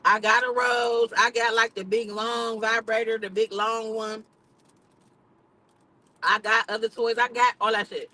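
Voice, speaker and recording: Bright-voiced woman in frank livestream chat. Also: fairly high pitch, little pitch movement, measured pace, no room sound, low-quality recording. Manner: candid, profane, laughs often. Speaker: livestream host.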